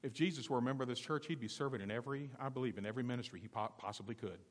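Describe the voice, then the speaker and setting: A man preaching a sermon to his church, asking the congregation questions and swinging between quiet and loud passages. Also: mid-range voice, very fast, big-room sound. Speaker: pastor. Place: church sanctuary.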